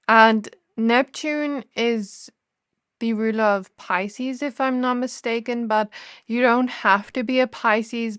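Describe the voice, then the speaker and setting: Soft-spoken woman giving a tarot reading. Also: fairly high pitch, dry recording, studio quality. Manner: gentle, intuitive, with soft laughs and self-corrections. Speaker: tarot reader.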